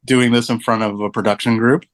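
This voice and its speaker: A man's voice: medium pitch, steady tone, a little fast. A laid-back man chatting casually about movies as a podcast guest. He talks loosely, leans on fillers and laughs often. The sound is close and dry, with no room echo. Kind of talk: casual film chat.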